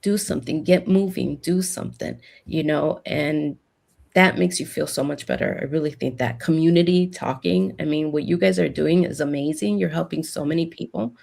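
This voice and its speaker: A woman's voice: low-pitched, moderate pace, gravelly, darkish tone. A woman guest on a podcast, giving encouraging advice in casual talk with plenty of fillers. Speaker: guest, epilepsy advocate.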